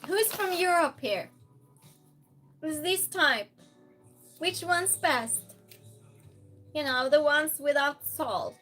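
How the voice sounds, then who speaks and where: A woman's voice: high-pitched, animated, slow, pauses often, a bit bright, soft background music. A woman hosting a live-stream game night, chatting casually, reading chat aloud and playfully scolding and thanking donors.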